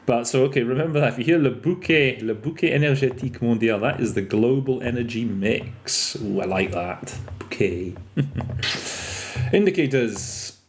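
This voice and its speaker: A man's voice: medium pitch, moderate pace, slight background noise. Chatty man teaching interpreting vocabulary. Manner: chatty, self-correcting, mixes in French and Russian terms. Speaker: interpreter trainer. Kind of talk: podcast lesson on interpreting vocabulary. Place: lives in France.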